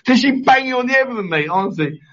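A man's voice: extremely high pitch, expressive, fast, noisy background. A man hosting a live chat show, teasing his guests and laughing often as he reads out viewer comments. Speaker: host. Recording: dull lo-fi stream audio.

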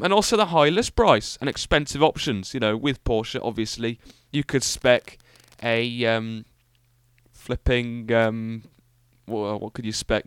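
A man's voice: medium pitch, smooth, no room sound, studio quality. Rambling, enthusiastic young British man. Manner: rambling, enthusiastic, self-mocking, many fillers. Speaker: podcast host. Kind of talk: solo podcast car review.

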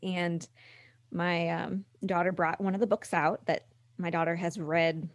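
Low-voiced woman recounting family struggles. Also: steady tone, no echo, studio quality. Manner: candid, halting with restarts, acts out quoted voices. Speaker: guest. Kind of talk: conversational podcast interview.

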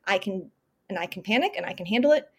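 A woman's voice: medium pitch, expressive, quick pace, slightly rough. A woman of about thirty, a podcast guest telling a personal story earnestly and with emphasis, often restarting and acting out her inner dialogue. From Northern California. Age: 30s.

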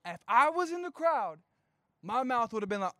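Young male youth pastor, high voice, dry close sound, lively joking sermon. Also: normal speed, no room sound. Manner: animated storytelling with playful asides and slang.

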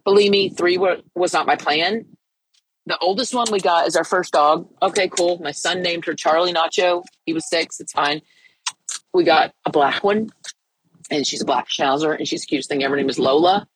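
A woman's voice: lowish voice, moderate pace, a little hiss or hum, rough recording. A middle-aged woman talking earnestly on her own podcast, sounding as if she has been crying, with frequent restarts. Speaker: podcast host. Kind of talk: personal faith podcast talk.

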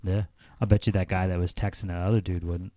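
Deep, warm male co-host, relaxed and agreeable, dry close recording. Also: fast, no room sound. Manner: relaxed, agreeable, short replies. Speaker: podcast co-host. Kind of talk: casual chat. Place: home.

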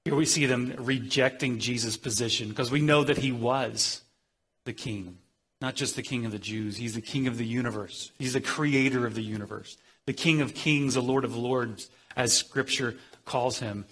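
A man's voice: medium pitch, normal speed, fairly bright tone, husky. A man preaching a sermon, earnest, with frequent restarts and dramatic quoted voices.

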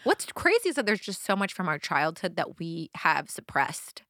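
A woman's voice: lowish voice, normal speed, no echo, clean studio sound. A young adult woman co-hosting a podcast, chatting casually and telling a story with lots of acted-out quotes. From Southern California. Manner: animated storyteller, acts out quotes. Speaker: podcast co-host. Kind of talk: casual chat.

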